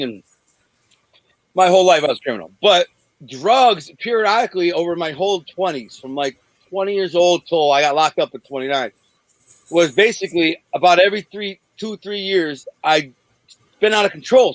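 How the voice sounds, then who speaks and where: A man in his forties from Detroit, bluntly telling rough stories in an interview over a video call, rambling with many restarts. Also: sits high, a little fast, no room sound, low-quality recording. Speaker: interview guest. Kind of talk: candid storytelling in an interview.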